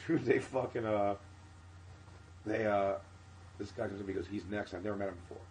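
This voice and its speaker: Low-voiced rambling comedian man. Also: normal speed, a little hiss or hum, poor audio. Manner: rambling, animated, profane. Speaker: comedian guest. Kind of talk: casual storytelling.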